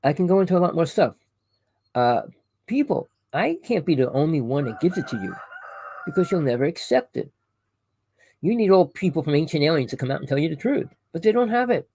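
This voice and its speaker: This online conspiracy commentator has a gravelly, fairly high, slightly mellow voice with a sing-song, brisk delivery, heard in a low-quality recording with some hiss or hum. Ranting to camera, he rambles and preaches, keeps correcting himself, calls his audience "people," and poses rhetorical questions.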